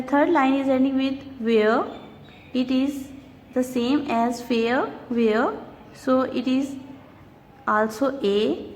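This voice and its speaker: A woman teaching an English poetry lesson, speaking slowly and deliberately and counting syllables aloud. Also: high voice, darkish tone. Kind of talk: recorded classroom lesson. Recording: long reverb, faint noise.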